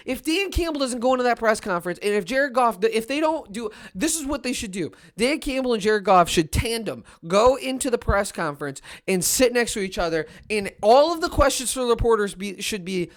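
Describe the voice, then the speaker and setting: A young man ranting as a fan on a sports podcast, frustrated and swinging into loud outbursts. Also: very high-pitched, brisk, hardly any pauses. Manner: exasperated rant with sudden loud outbursts.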